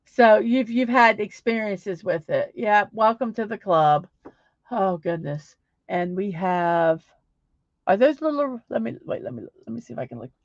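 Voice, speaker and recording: A woman's voice: mid-range voice, lively intonation, unhurried, no echo. Middle-aged woman, casual livestream chat, rambling with fillers, dry close sound, slightly dull audio. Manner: rambling, many fillers and restarts. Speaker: livestream host. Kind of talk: casual chat reading viewer comments.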